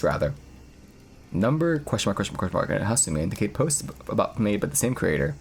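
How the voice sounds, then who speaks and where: A man's voice: on the low side, very animated, fast, vocal fry, slight background noise. A young man live-streaming, chatting casually with viewers in a rambling, profane way. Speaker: streamer reading horror stories.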